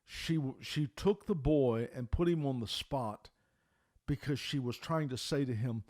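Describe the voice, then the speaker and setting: A man's voice: mid-range voice, moderate pace, darkish tone. A middle-aged male pastor preaching a sermon, telling stories in an emphatic, folksy way with frequent restarts.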